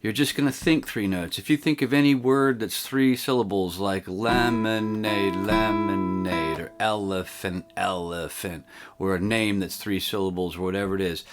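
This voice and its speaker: Low-voiced man teaching guitar, loose and easygoing. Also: fairly quick, hardly any pauses. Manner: relaxed, rambling explanations with counting aloud. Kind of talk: casual video guitar lesson. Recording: loud guitar playing behind.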